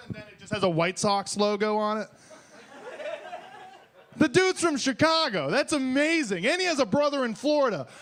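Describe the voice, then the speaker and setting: A young man from Detroit with a notably high voice works through a stand-up set on a small bar stage. He rambles, swears freely and gets worked up as he riffs. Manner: profane, excitable, rambling. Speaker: open mic comedian.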